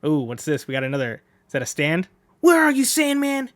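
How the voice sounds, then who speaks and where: A man voicing a furious male tribal warrior who yells and chases a runaway. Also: on the high side, huge pitch swings, brisk, no echo. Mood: frantic. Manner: shouting, frantic.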